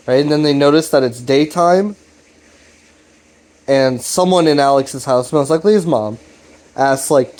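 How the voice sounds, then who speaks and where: A man's voice: mid-range voice, measured pace, pauses often, a little mellow. A man hosting a casual video recap, rambling loosely with frequent swearing and restarts. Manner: profane, laid-back, rambling with restarts. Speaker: video series host.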